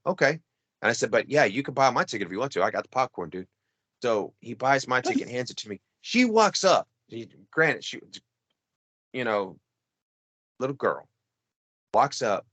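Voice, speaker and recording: A man's voice: on the low side, a bit bright, no room sound. A middle-aged man hosting a casual chat, telling a story with many restarts and asides. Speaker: podcast co-host.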